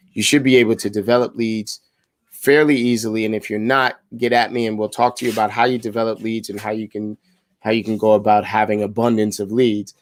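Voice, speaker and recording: A man with a medium-pitched voice makes live sales phone calls in a casual, upbeat style, coaching the audience between calls and often repeating words as he restarts. There is no echo.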